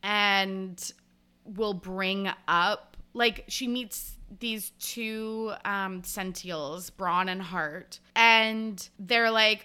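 A woman's voice: mid-range voice, fairly even intonation, very slow, sharp tone, clean tone. A young woman co-hosting a podcast, chatting casually through a book recap and acting out characters' lines with lots of "like". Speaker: podcast co-host.

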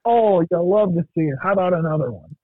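A man's voice: sits high, expressive, fast talker, dry recording. A man co-hosting a casual podcast, teasing his partner and calling out game scores. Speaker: podcast co-host. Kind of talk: casual chat and joking play-by-play. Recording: dull lo-fi dry mic.

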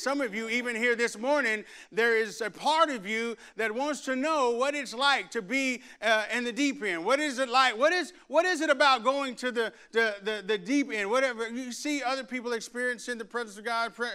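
A man preaching to a church congregation, praying and then telling stories with acted-out voices, building to loud shouts. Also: very high voice, smooth. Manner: animated storyteller, acts out voices, builds to shouts. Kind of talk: sermon with prayer and storytelling. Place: church sanctuary.

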